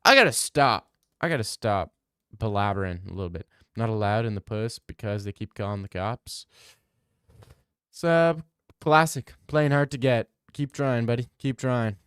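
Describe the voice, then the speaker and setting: A young livestream host with a lowish, unhurried, clear and resonant voice is recorded dry, at studio quality. He reads out chat and rambles in a crude, jokey, casual way, sometimes slipping into silly voices.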